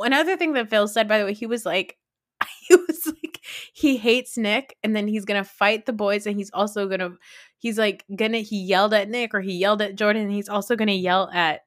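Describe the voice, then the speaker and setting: A woman hosting a podcast, recapping reality TV in a casual chat, excitable and laughing through her sentences while swearing freely. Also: mid-range voice, dry recording, studio quality. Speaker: podcast host.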